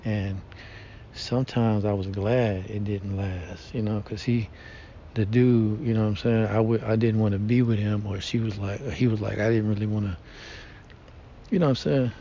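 A man's voice: steady tone, normal speed, mellow. A man talking casually in a rambling, slangy way, full of fillers and restarts. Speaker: podcast host. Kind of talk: casual monologue. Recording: dull lo-fi sound with faint rumble.

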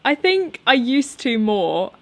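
A woman's voice: fairly high pitch, sing-song, slow pace. A young woman in her twenties, a vlogger chatting casually and nervously in her garden, laughing often. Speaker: YouTuber answering viewer questions. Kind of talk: casual unscripted chat.

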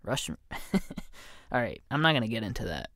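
A man's voice: medium pitch, sing-song, normal speed, sharp tone, no echo, clean studio sound. A man hosting a comedy podcast, rambling through a joking monologue, interrupting himself and dropping into mock voices. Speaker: podcast host.

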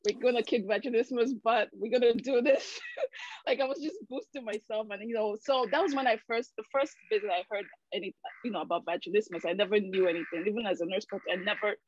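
A woman's voice: mid-range voice, fast, no echo. A woman giving an emotional, candid personal testimonial over a video call, full of fillers. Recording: dull, dry video call audio.

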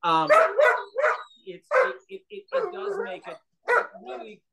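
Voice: very high-pitched, slow, gravelly. A medical professional on a panel gives an unscripted answer in a hesitant way, full of fillers and restarts. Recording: loud background noise with dog barking.

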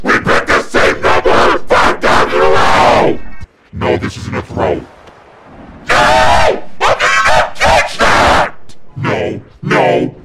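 A man yelling and cursing in frustration while playing video games, his voice run through a demonic filter. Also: very deep voice. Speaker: gamer. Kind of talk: rage-filled gameplay commentary.

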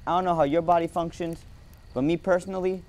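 A young man in an amateur short film playing a talkative young man who befriends a creature, quick to get exasperated and quick to apologize. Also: on the high side, steady tone, darkish tone, natural voice. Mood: gentle.

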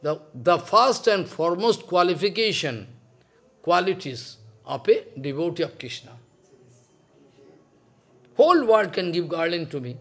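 A man's voice: high-pitched, sing-song, a little slow, long pauses, a bit bright. Older man giving an emphatic devotional lecture. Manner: broken English, repetitive, emphatic. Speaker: spiritual teacher.

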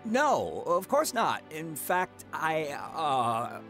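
A man's voice: fairly high pitch, big pitch swings, drawn-out words, a bit bright, faint music behind, exaggerated voice. A man acting a nervous, forgetful husband in a comedy sketch, stammering over excuses. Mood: flustered.

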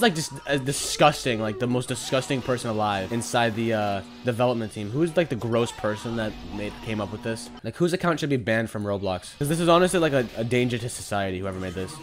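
A man giving casual, sarcastic gameplay commentary, joking around and breaking into sudden high squeals and shouts. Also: fast, few pauses. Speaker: gaming commentator. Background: game music.

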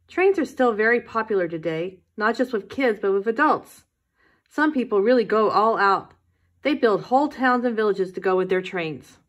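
A woman teaching a Sunday school lesson, telling a Bible story to children in a gentle storytelling way. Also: mid-range voice, dull audio.

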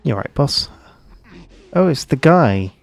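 A man's voice: mid-range voice, sing-song, a little slow, creaky. A man casually commenting on his gameplay, joking and swearing at a desk microphone. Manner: joking, swearing, reacting freely. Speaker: streamer.

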